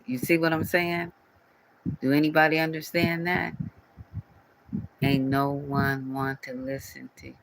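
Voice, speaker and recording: A man rants at a commenter on his own channel. He talks in a repetitive, scolding way. His voice is bright and slightly high, recorded close and dry with no room sound. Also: monotone, a little slow, vocal fry, pauses often, no echo, poor audio. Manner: scolding, repetitive, speaks directly to viewer. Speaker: channel owner addressing a commenter. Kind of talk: casual scolding vlog rant.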